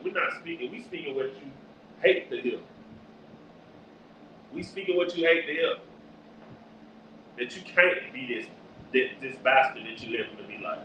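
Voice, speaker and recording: A man preaching forcefully on the street, teaching from scripture and directing a reader. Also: on the high side. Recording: echoey, distant, dull lo-fi with faint noise.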